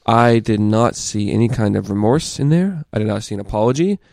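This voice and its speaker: A man co-hosting a casual podcast, laying out a story step by step in a measured way. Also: lowish voice, creaky, a little mellow, dry recording. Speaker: podcast co-host.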